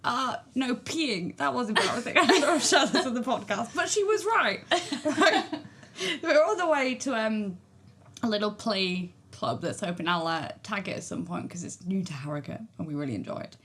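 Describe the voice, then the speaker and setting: A woman's voice: fairly high pitch, lively intonation, moderate pace, fairly bright tone. A woman hosting a parenting podcast, rambling and giggling through a story. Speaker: podcast host. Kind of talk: casual podcast chat.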